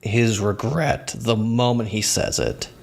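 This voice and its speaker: A man's voice: on the low side, slow, vocal fry. A man co-hosting a casual podcast, talking easily with frequent laughs and fillers. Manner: easygoing, laughs often, fillers like um and you know. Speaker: podcast co-host. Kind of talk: casual rewatch podcast chat.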